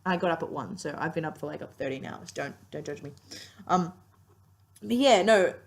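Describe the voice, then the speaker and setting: A woman's voice: low-pitched, animated, normal speed, gravelly. A young woman giving a casual, rambling TV review, chatty and gushing with lots of fillers, tired and yawning. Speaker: TV series reviewer.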